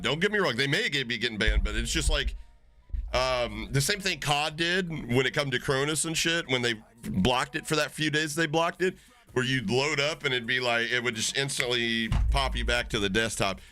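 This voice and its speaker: A man streaming live, chatting casually with his viewers, swearing freely and getting excited as he reacts to chat. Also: mid-range voice, clean tone.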